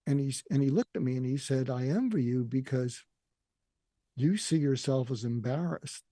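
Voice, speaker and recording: An older man shares a deeply personal story, earnest and emotional, often quoting others. His voice is gravelly and husky with a dark, mellow tone. The recording is dry and close. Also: animated, normal speed, dry recording. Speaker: guest.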